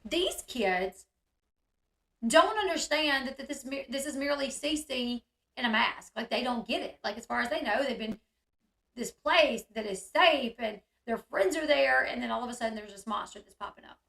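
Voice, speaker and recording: A woman hosting casual commentary on a video, talking in an animated way and acting out the yelling she describes. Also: fairly high pitch, normal speed, gravelly, roomy sound. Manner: animated, reacts loudly, acts out quoted yelling. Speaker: commentary host.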